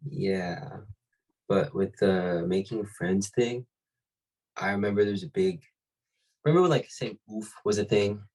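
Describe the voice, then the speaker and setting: Husky, low-voiced young man. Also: unhurried, pauses often, a little mellow, rough recording. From Hawaii. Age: young adult. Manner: laid-back, laughs often while telling stories. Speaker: podcast co-host. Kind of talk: casual chat.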